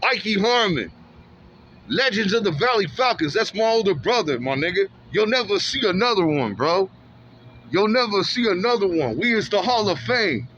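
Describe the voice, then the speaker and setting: A man's voice: high-pitched, very animated, moderate pace, a bit bright, muffled recording, a little hiss or hum. A man in an emphatic, repetitive, slangy street monologue, recorded outdoors. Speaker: street vlogger.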